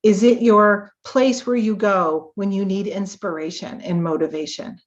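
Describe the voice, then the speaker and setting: A woman hosts a live tapping call, coaching listeners with slow, emphatic speech and sudden emotional bursts. Her voice is medium-pitched and steady in tone, and the sound is lo-fi.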